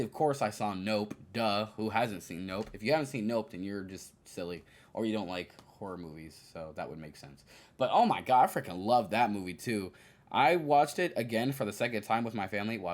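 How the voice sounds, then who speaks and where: A young man hosting a podcast, chatting casually about movies in a lively, slangy way full of fillers. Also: fairly low pitch. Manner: animated, slangy, many fillers and quoted asides. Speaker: podcast host. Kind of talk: casual solo movie review.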